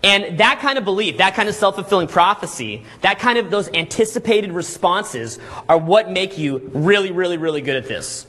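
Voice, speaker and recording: Man, high voice, husky edge, energetic seminar coach, keeps asking okay, all right. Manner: acts out little scenes in quick put-on voices. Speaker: dating coach and boot camp instructor. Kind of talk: live seminar lecture to a group.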